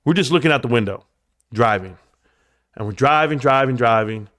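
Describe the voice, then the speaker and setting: A man hosting a livestream, telling a long story in a rambling way, jumping high when he acts out quotes and dropping low for asides. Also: normal speed, no room sound, studio quality. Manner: animated, jumps high in pitch when acting out quotes; rambling, drops to quiet asides. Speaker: livestream host. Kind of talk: casual storytelling.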